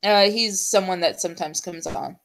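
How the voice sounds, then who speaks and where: A woman talk-show host in casual conversation, her voice sitting a little low for a woman. She wanders through her stories with frequent ums and unfinished thoughts. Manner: chatty, full of ums and trailing pauses. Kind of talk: casual chat.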